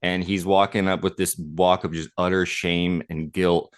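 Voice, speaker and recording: A man's voice: sits low, level tone, a little slow, smooth. A man co-hosting a podcast, telling a long anecdote in a casual, rambling way with lots of fillers. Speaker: podcast co-host. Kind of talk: casual storytelling chat.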